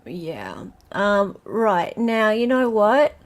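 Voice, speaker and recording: Slow chatty Australian woman host. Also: medium pitch, very animated. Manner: chatty and scattered, reads quiz questions twice in a sing-song list. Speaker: livestream host. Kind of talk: casual livestream chat with quiz.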